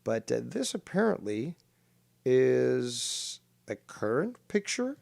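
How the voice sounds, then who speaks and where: A man's voice: mid-range voice, sing-song, slow, gravelly, darkish tone, dry recording. A man hosting a casual live-stream talk show, brash, sarcastic and teasing. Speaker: host.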